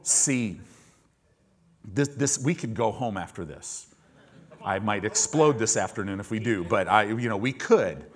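Male pastor, sermon, lively pitch, loud emphatic peaks, hushed low passages. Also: a little slow. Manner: animated preaching, swings from loud emphasis to hushed low tones.

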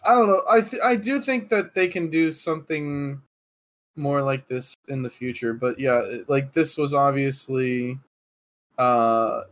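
A man's voice: medium pitch, unhurried, a bit bright. A man co-hosting a casual gaming podcast, chatty and reasoning aloud with many fillers. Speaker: podcast co-host.

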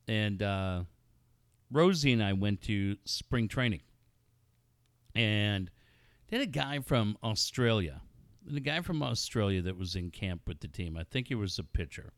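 Animated, bright-voiced man telling stories. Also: on the low side, no room sound, clean studio sound. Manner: animated storyteller, acts out quotes loudly, swears freely. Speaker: radio host. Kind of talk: casual sports talk storytelling.

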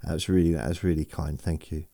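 Low, mellow-voiced man rambling. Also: level tone, moderate pace, creaky, dry recording, clean studio sound. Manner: meandering, self-mocking, reads listener messages aloud. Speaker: podcast host. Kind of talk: rambling sleep podcast chat.

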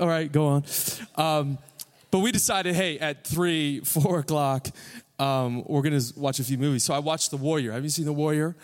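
A young man who is a pastor, preaching a sermon in a joking, rambling way; he says he is tired. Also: medium pitch. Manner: joking, rambling, self-deprecating. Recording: long hall reverb.

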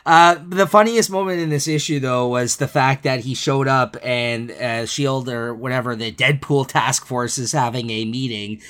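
A man's voice: medium pitch, normal speed, hardly any pauses, a bit bright, smooth. A man co-hosting a casual podcast, retelling comic scenes with lots of laughter and filler words. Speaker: podcast co-host. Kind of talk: casual comic book chat.

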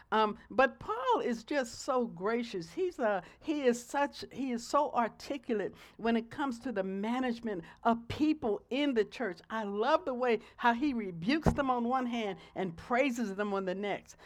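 A woman's voice: fairly high pitch, expressive, measured pace, few pauses. A woman preacher delivering a conversational, playful sermon to her congregation, often checking in with "okay?" asides.

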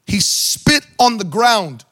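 Male pastor, animated sermon delivery, high bright tenor, acts out scenes. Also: takes it slowly. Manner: animated preaching, acting out Bible scenes with shouts and joking asides.

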